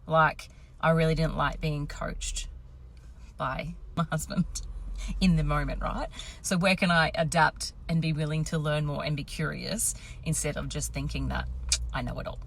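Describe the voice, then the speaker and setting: A woman in her thirties, a confidence coach, casually telling a story to camera, lively and quick to swear. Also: low-pitched. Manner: animated, swearing, acts out quotes.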